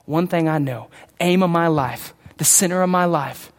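A man with a high voice preaches a sermon, his words trailing into the long reverb of a church hall. He swings from quiet, close moments to loud, emphatic calls. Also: normal speed. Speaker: pastor.

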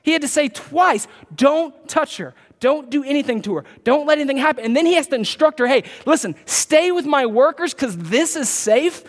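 Emphatic preacher in a reverberant hall. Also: male voice, extremely high pitch, animated. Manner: emphatic, repeats key points, slows to read scripture. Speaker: pastor. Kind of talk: sermon.

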